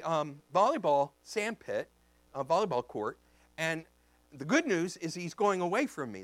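Lively high-voiced male preacher. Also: no echo. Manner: animated, acts out voices in his stories. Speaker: pastor. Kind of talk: storytelling sermon.

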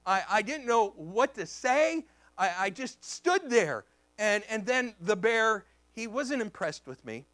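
A man preaching as a pastor, telling a story in an animated way and acting out the voices in it. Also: high voice, takes it slowly, dry recording. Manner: animated, acts out voices in his stories. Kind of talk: storytelling sermon.

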